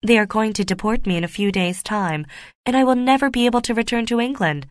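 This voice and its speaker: A woman's voice: a little high, fast talker, no echo, clean studio sound, natural voice. A woman reading the lines of a scheming young woman who pleads and plays the victim. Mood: pleading.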